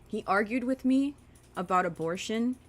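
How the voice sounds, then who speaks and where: A woman's voice: on the high side, moderate pace. A woman in her twenties ranting casually as she does her makeup, rambling and swearing, with lots of filler words. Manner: rambling and profane, with many fillers. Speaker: vlogger.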